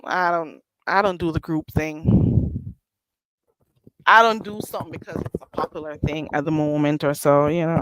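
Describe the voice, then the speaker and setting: A woman's voice: low voice, a bit bright, clean tone, dry recording, low-quality recording. A chatty woman hosting a livestream, rambling along in easy conversation and laughing often. Her voice sits close and dry, with no room sound around it. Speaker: livestream host. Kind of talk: casual chat.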